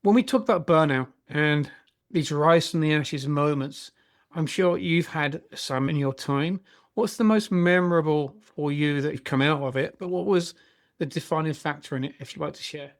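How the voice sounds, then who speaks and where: A man's voice: a little high, moderate pace. A man hosting a podcast interview, speaking reflectively and asking long questions. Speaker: podcast host. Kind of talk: interview chat.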